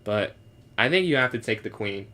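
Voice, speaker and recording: A young man solving chess puzzles live, thinking aloud and answering chat, sometimes trying out halting beginner French. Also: fairly low pitch, lively intonation, pushed and bright. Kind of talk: casual live-stream commentary.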